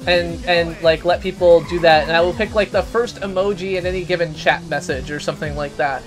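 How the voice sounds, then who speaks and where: A man hosting a live game stream, chatting casually and ranting loudly in rambling asides. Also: a little high, fairly even intonation, a little fast, faint music behind.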